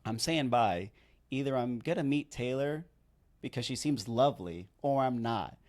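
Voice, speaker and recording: This is a medium-pitched, darkish male voice with lively intonation at a normal speed. The speaker is a wedding videographer in his thirties who co-hosts a podcast. He tells a chatty, rambling story, pokes fun at himself, and leans on "like" constantly.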